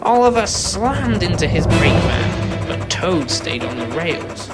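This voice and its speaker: A man narrating a children's storybook tale in an expressive, varied manner. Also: high-pitched, takes it slowly. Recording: music behind narration.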